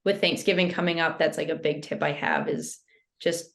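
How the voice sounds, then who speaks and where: Low-voiced woman explaining health tips. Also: moderate pace, vocal fry. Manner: steady, explanatory, uses "like" often. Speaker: health guest. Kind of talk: casual interview explanation.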